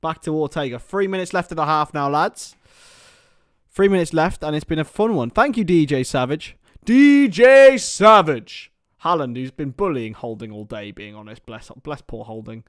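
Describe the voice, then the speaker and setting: A man's voice: on the high side, moderate pace, fairly bright tone, dry recording, clean studio sound. Chatty man doing casual football commentary. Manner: chatty, laughs often, greets viewers by name. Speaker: live stream host and commentator. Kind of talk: casual match commentary and chat with viewers.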